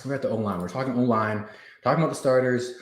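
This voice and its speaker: Hyped young fan host, winded after push-ups, mid-range voice, roomy home echo. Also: male voice, mid-range voice, quick pace. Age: young adult. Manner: hyped, laughing, talks straight to viewers. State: out of breath. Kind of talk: casual livestream chat. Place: home room. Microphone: camera on the floor.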